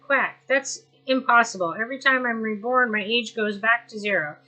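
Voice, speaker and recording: A woman voicing a blunt, snarky duck who opens her lines with a quack and deadpan retorts. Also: a little high, moderate pace. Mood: dismissive.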